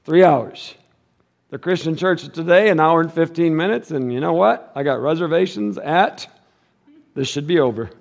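A middle-aged male pastor preaching a sermon, joking and animated, then dropping to a hushed, earnest tone. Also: a little high, normal speed, vocal fry.

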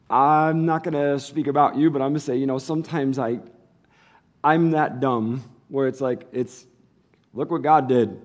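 A man preaching a sermon, retelling the passage like a story and acting out what the people said. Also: moderate pace. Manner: swings from low and quiet to loud and high. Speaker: pastor.

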